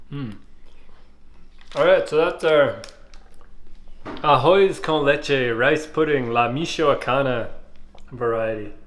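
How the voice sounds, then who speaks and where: A man, casually reviewing ice pops and thinking aloud with fillers and pauses. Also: fairly high pitch. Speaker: food reviewer.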